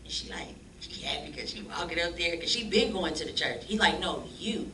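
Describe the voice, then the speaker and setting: A woman telling her life story as a church guest, animated and slangy, acting out the voices of people she quotes. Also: fairly low pitch, a little fast. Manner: animated, acts out quoted dialogue in slangy speech. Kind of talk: lively storytelling testimony. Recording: echoey room, distant mic, faint noise.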